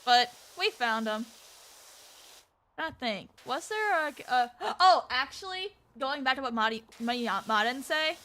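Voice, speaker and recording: A woman's voice: high-pitched, lively intonation, measured pace, sharp tone. A young woman streamer telling a long, rambling anecdote in casual chat, full of fillers and the odd swear word. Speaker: VTuber streamer. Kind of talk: casual storytelling during a game stream.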